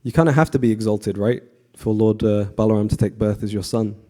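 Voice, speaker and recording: A man giving a conversational devotional class to a temple audience, often asking the audience questions and pausing with fillers. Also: fairly low pitch. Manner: frequent fillers and restarts, relaxed.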